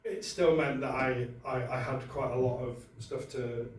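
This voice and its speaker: A man's voice: mid-range voice, fairly even intonation, measured pace, far from the mic. A male stand-up comedian, telling a conversational, self-deprecating set with many stammered restarts. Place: comedy venue with audience. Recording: very echoey room, voice from afar.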